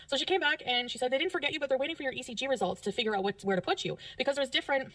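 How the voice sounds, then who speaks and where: Fast-talking, chatty French-Canadian woman. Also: high voice, fairly bright tone. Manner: rambling, chatty. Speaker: storyteller in a played clip. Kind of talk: casual storytelling.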